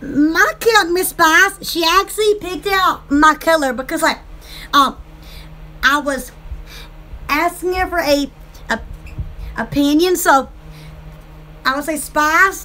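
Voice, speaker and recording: A woman's voice: very high voice, a little slow, pauses often, pushed and bright. A woman, chatting in a rambling, bubbly way as an online shop host, often breaking into giggles. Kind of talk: casual rambling chat.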